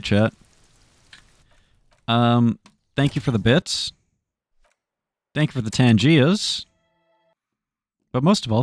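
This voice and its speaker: A man in the middle of a casual stream sign-off, rambling to his viewers and swearing freely. His voice sits at an ordinary middle pitch. It comes across dry and close on a streaming mic. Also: no room sound. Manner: loose, rambling, swears freely, talks to chat.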